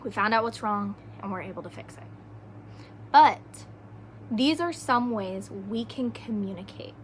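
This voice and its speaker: A woman hosts a solo podcast, talking earnestly yet casually as she gives relationship advice and often ends points with "right?" Her mid-range voice is expressive and measured in pace, with a little hiss or hum in the recording.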